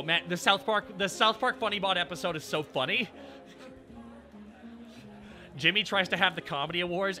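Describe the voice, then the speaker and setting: A bright, sharp-toned male streamer talking in casual chat. His voice sits high and leaps around in pitch. He laughs often and swears freely, with faint music underneath. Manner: animated and excitable, laughs a lot, swears casually.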